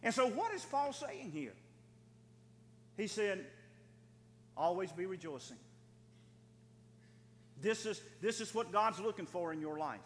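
A man's voice: high-pitched, animated, a little slow, pauses often. A man preaching a sermon as pastor, with emphatic delivery that repeats phrases for stress. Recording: long hall reverb.

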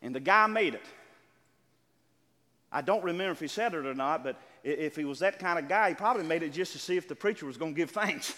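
An older man preaching a sermon as pastor, calling out to his congregation and drawing out key words slowly. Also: fairly high pitch, expressive, bright, forceful tone, long reverb tail. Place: church sanctuary.

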